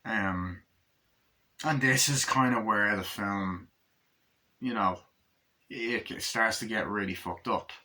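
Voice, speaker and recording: A man's voice: on the low side, takes it slowly, long pauses, pushed and bright. A man giving a casual, rambling movie review, swearing often and acting out lines from the film. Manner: rambling and profane, full of fillers and acted-out quotes.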